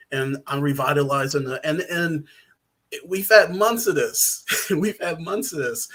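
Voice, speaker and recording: A man's voice: a little high, a little slow, fairly bright tone. A man who is a writer and guest on a podcast, chatting casually, rambling with lots of ums and little laughs.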